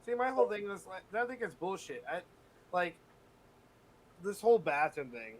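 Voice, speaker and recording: A man talks bluntly and with profanity in a casual podcast chat. His voice sits somewhat high for a man. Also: very animated, normal speed, poor audio.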